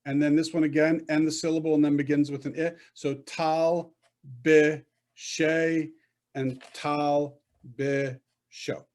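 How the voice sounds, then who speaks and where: A man's voice: a little high, level tone, slow, a little mellow. A man teaching a Hebrew class over a video call, patient and repetitive, often checking whether students follow. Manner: patient, repeats and checks understanding.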